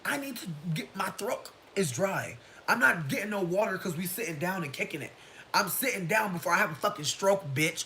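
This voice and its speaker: A person in their thirties telling a story on a casual livestream, profane and animated, breaking into shouts and laughter. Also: medium pitch, fairly quick, slight background noise. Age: 30s. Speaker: livestream host.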